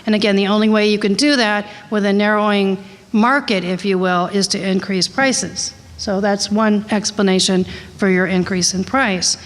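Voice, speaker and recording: A woman's voice: mid-range voice, fairly even intonation, moderate pace. A woman giving a conversational slide presentation to a conference audience, candid and chatty, with frequent fillers and asides. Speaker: conference presenter on drug costs. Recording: long hall reverb.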